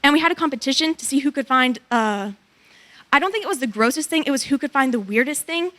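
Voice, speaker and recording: A woman in her twenties animatedly recounts a mission trip as a church testimony, acting out what people said. Her voice is high and her pace quick.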